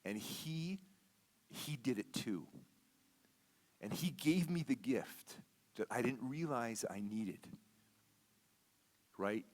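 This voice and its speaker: A man's voice: mid-range voice, animated, slow, pauses often. A man giving a sermon as a guest speaker, telling a personal story in a conversational way, repeating words and often checking in with "okay?". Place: church sanctuary.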